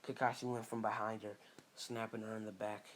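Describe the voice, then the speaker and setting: A man casually improvising a fan story, halting often with fillers and restarts. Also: lowish voice, little pitch movement, slight background noise.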